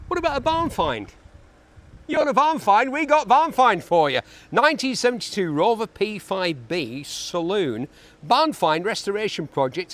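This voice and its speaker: Man, auction car presenter, high animated voice, chatty and jokey, reverberant hall sound. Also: slight background noise. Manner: enthusiastic, jokey asides to himself. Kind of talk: chatty car walkaround commentary. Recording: echoey large hall.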